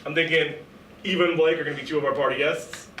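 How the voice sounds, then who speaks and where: A young man hosting improv games, loud and excitable, often breaking into shouting. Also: a little high, quick pace, a crowd in the background. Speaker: improv game host. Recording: echoey room, mic at a distance, faint noise.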